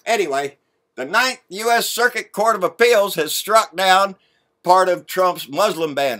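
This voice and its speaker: A man's voice: sits high, a little slow, a bit bright. A man delivering a blunt, profane, folksy political rant as a vlogger.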